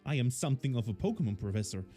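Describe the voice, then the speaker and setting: A man's voice: medium pitch, sing-song, very fast, mellow, faint music behind, natural voice. A man doing a fussy, polite professor. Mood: fussy politeness. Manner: courteous, old-fashioned formal phrasing. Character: fussy, polite male professor, middle-aged. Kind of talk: reading game dialogue aloud in character.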